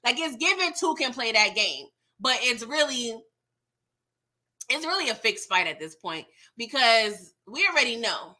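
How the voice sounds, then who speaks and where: A woman's voice: a little high, very animated, measured pace, sharp tone. A woman giving a chatty, exasperated recap of a TV episode, laughing at scenes and greeting her viewers by name. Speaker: TV episode reviewer. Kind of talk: casual recap commentary.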